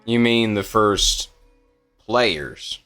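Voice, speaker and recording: A man playing a tabletop role-playing game, unhurried and drawling. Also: lowish voice, bright, forceful tone, faint music behind. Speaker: player. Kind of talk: tabletop game play, casual chat.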